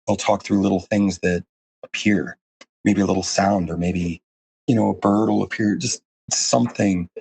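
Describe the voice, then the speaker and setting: A man's voice: low voice, steady tone, moderate pace, creaky, darkish tone, slightly rough. A man as a podcast guest, talking earnestly in a casual, rambling way with lots of fillers and restarts. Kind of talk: casual interview conversation.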